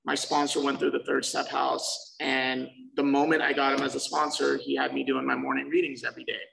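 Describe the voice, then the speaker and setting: A man's voice: mid-range voice, little pitch movement, a little fast, vocal fry, fairly bright tone, distant mic, poor audio. A young man casually telling his recovery story, swearing freely and acting out past conversations. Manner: profane, loose, acts out quoted exchanges.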